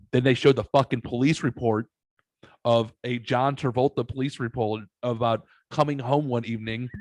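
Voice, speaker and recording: A podcast host tells animated stories in casual chat, swearing freely. His mid-range voice moves at normal speed, with no room sound.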